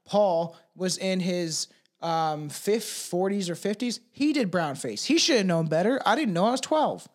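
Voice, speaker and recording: A man's voice: high-pitched, animated, unhurried. A man co-hosting a casual true-crime podcast, rambling and profane, reading passages aloud between asides. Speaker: podcast co-host.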